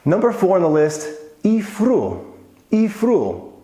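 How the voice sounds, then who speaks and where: Crowd noise and a roomy sound surround this video host as he slowly explains everyday Polish phrases. His voice sits high with huge pitch swings, and his chatty talk is full of personal anecdotes.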